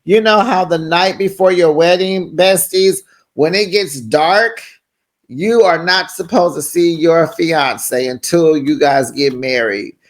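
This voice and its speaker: A reality TV recap host giving casual, animated commentary, laughing often and slipping into voices when quoting people. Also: mid-range voice, slow.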